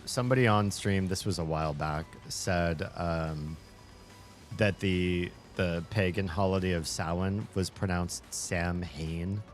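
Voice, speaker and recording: A man's voice: sits low, unhurried, soft background music. A male streamer hosting a casual chat while gaming, rambling thoughtfully and laughing often. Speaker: streamer and host.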